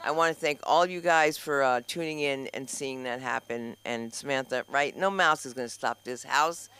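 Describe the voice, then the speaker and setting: A man hosting a comedy open mic on stage, joking fast and talking straight to the crowd. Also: medium pitch, sharp tone, smooth. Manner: rapid, jokey, talks straight to the crowd. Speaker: comedy show host. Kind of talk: stand-up hosting banter.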